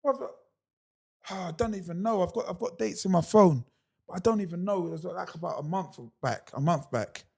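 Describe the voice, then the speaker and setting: High-pitched British man telling a story. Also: a little fast, vocal fry, slightly rough. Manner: animated, acting out other people's lines; street slang, filler sounds like "rah, rah". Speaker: podcast co-host. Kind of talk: casual storytelling chat.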